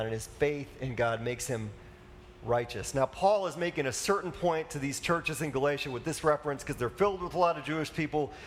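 A man's voice: mid-range voice, slight background noise. A man preaching a conversational sermon as a pastor, casual and chatty, with asides and fillers.

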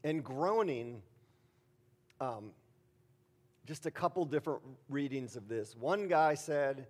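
A man's voice: mid-range voice, expressive, slow, pauses often. Middle-aged male pastor, chatty sermon delivery, loose and rambling with lots of fillers, punches key words hard. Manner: casual, rambling, many fillers, emphatic bursts. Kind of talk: conversational sermon.

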